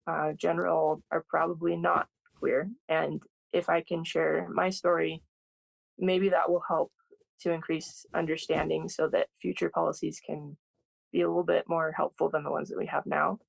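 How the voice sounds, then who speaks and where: Soft, thoughtful guest with vocal fry. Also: medium pitch, no echo, poor audio. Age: 30s. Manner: thoughtful, hesitant, many fillers and restarts. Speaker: podcast guest. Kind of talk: personal storytelling.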